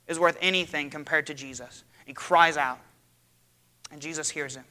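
A man preaching a sermon to his church, dramatic and building to loud cries. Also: fairly high pitch, normal speed. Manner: dramatic, rising to loud cries when quoting. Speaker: pastor.

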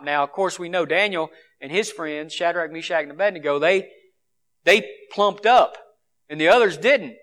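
Man, preacher, sermon, high voice, bright ringing tone. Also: moderate pace. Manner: swings from forceful exhortation to hushed earnestness.

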